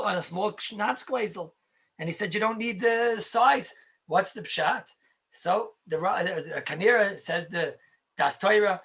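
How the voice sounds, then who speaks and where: A man's voice: high voice, sharp tone. A man, a rabbi, teaching Jewish law in a conversational lecture, stressing points by repeating them and answering his own questions.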